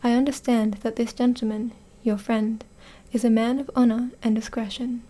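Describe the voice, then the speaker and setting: A woman with an Australian accent voicing a stern foreign male nobleman in soft whispered role-play, read evenly and without a put-on accent. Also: on the high side, level tone, normal speed, natural voice. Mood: grave.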